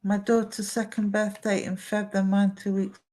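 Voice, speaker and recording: Female medium, talky and warm-paced, live-stream reading. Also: medium pitch, little pitch movement, moderate pace. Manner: chatty, relays messages from spirit.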